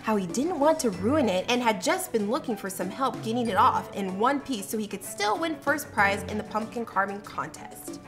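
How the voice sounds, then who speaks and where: Animated woman reading a children's story. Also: fairly high pitch, normal speed, hardly any pauses. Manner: animated, playful read-aloud with sound effects. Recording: music under the voice.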